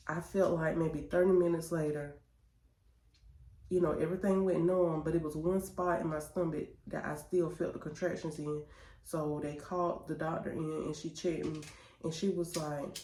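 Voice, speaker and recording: A woman telling a chatty, animated story to her viewers. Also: deep voice, unhurried. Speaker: vlogger. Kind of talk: casual storytelling vlog. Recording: roomy echo.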